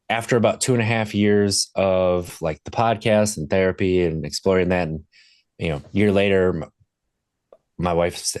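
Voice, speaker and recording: A man talking as a podcast guest, telling a candid personal story in a reflective, halting way with restarts. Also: low voice, no room sound, studio quality.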